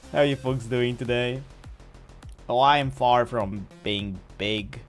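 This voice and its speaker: Man, live streamer, playful rambler, mid pitch, soft music behind. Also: steady tone, slow pace. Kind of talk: casual live-stream chat. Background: faint music.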